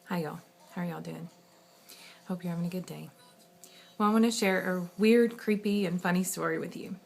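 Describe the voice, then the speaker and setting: A woman's voice: fairly low pitch, moderate pace, creaky, a little mellow, soft background music. A woman, talking casually and rambling in a vlog, laughing often. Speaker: vlogger.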